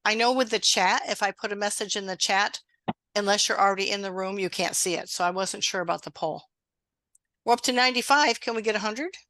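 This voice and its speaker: A woman's voice: medium pitch, fairly quick, no echo. A middle-aged woman hosting an online exam-prep webinar, chatty and encouraging, talking over a video call. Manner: warm, encouraging, conversational.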